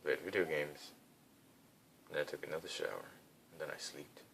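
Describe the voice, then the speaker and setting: A man's voice: very deep voice, very animated, moderate pace, vocal fry, fairly bright tone, a little hiss or hum. A young man vlogging into his phone, telling a rambling, filler-heavy story in a casual chat.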